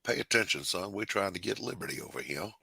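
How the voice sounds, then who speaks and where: A pompous old founding father booms in a cartoon rooster's drawl, as a man puts him on. The voice is low and gravelly, and it leaps around in pitch. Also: lively intonation, quick pace, sharp tone, no room sound, full character voice. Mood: blustering.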